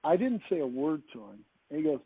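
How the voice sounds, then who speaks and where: This podcast speaker's voice is a little high and slightly rough, swinging widely in pitch as he talks briskly. He enthusiastically tells an anecdote over a call, frequently restarting sentences, and the dry recording sounds tinny and phone-like.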